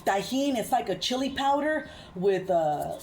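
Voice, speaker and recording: A woman's voice: mid-range voice, sing-song, a little mellow, slight background noise. A woman vlogger giving heated, profane reaction commentary, sipping a drink as she talks. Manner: profane, fast-rising ranting; drinking beer while talking.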